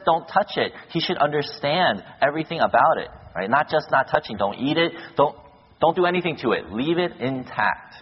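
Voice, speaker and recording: A man preaching a sermon, telling stories with lively acted-out quotes. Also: medium pitch, breathy edge. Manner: animated storytelling with acted-out quotes. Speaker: pastor. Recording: dull echoey hall, lo-fi.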